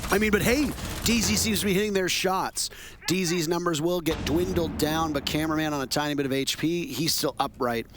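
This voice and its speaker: A man casting an esports match play-by-play, excitable and jokey, pitching up sharply on big plays. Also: brisk, background noise. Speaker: esports caster. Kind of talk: play-by-play commentary.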